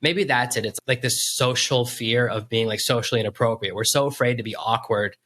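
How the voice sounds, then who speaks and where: Podcast host guy, talks fast, chatty storyteller, slight background hum. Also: mid-range voice. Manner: storytelling, animated quoting. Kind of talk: conversational interview.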